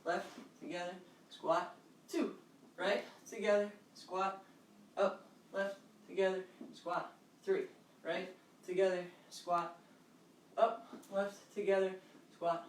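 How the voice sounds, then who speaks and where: A woman's voice: mid-range voice, little pitch movement, slow, long pauses. A woman fitness instructor leads a live online workout, upbeat and encouraging as she calls out steps and counts. Her voice sits in a mid range and carries a roomy echo, picked up by a microphone some distance away. A faint hum of background noise runs underneath.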